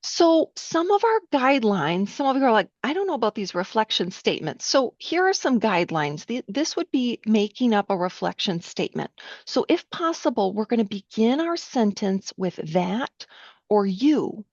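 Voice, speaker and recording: A woman's voice: on the high side, big pitch swings, normal speed, a little mellow, dry recording. Patient woman teaching a listening workshop. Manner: patient, explains step by step, often checks in with "right?". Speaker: counselor leading a training session. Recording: dull lo-fi sound, dry.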